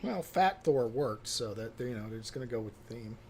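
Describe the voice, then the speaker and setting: A man's voice: mid-range voice, animated, a little fast, darkish tone, husky. A man hosting a casual podcast chat, tossing out dry, sarcastic quips. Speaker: podcast host.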